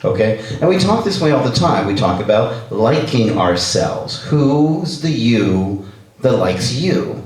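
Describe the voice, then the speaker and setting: A man's voice: medium pitch, big pitch swings, slow pace, darkish tone. A man from Canada, a rabbi giving a humorous lecture who acts out the characters in his stories. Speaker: rabbi, speaker. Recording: echoey hall, distant mic.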